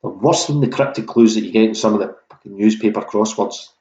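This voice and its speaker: A man's voice: on the low side, fairly quick, a little mellow. A man hosting an online pub quiz in a casual, jokey way, swearing freely as he reads out questions. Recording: roomy, dull lo-fi room sound.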